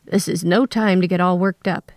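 A woman voicing a frail, tired older husband who speaks in a quiet, raspy voice. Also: fairly low pitch, fairly even intonation, normal speed, dry recording, studio quality, close to an everyday voice. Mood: weary.

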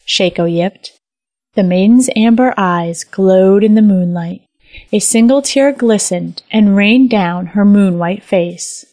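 Woman narrator, lyrical fairy-tale reading, mid pitch, dry recording. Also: a little mellow, dry recording. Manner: measured, lyrical storytelling. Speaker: storyteller. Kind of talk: scripted narration.

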